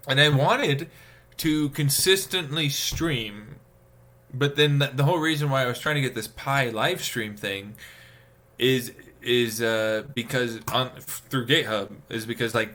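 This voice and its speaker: A man's voice: medium pitch, pushed and bright. A man live streaming, rambling in casual talk and venting with profanity and lots of fillers. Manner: profane, exasperated ranting with many fillers.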